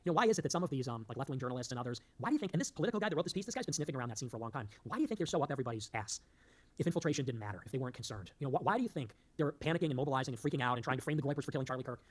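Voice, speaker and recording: Fast-talking man ranting on a show. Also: mid-range voice, lively intonation. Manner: rambling, emphatic, loses his thread and jokes. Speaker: political show host. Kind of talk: fast-talking political monologue.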